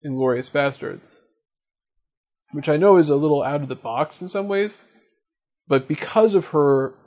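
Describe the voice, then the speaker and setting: Running a relaxed podcast chat, this male host guides the discussion and puts questions to the others on the show. His mid-range voice is a little mellow, with some vocal fry.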